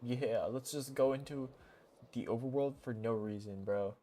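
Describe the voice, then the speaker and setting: A young man streaming a game, talking casually in a goofy, excitable, rambling way full of slang. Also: mid-range voice, moderate pace. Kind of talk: casual live-stream commentary.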